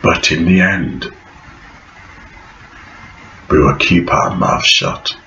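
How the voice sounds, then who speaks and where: A man's voice: low-pitched, fairly even intonation, drawn-out words, pushed and bright, a little hiss or hum. A man vlogging in a preachy, prophetic monologue, repeating phrases for emphasis. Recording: echoey room, dull lo-fi sound.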